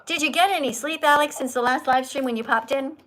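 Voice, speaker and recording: A woman hosts a casual livestream and chats straight to her viewers. She talks in an animated, teacherly, playful way, and her voice sits a little high. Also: fast. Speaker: livestream host. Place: Italy.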